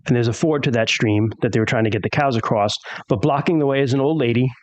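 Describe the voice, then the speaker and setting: A man's voice: medium pitch, fast, no room sound, dull audio. A man narrating a tabletop game as game master, telling the scene with drama. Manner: dramatic storytelling with character voices.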